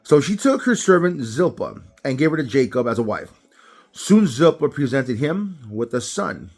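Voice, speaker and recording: A man's voice: medium pitch, normal speed, breathy edge. A man giving a casual Bible study talk to viewers, telling stories animatedly. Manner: animated storyteller who acts out scenes.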